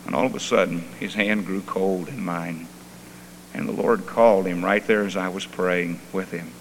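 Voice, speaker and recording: A male pastor preaching a sermon. He tells stories softly, then rises into fervent preaching. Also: sits low, fairly even intonation, normal speed. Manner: quiet storytelling that swells into fervent preaching. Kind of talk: sermon with personal storytelling. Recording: long reverb and faint hum.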